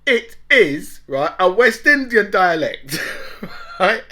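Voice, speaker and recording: Animated, laughing man. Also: high-pitched, slow. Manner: rambling, repeats "right?", laughs often. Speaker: talk show host. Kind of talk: casual monologue.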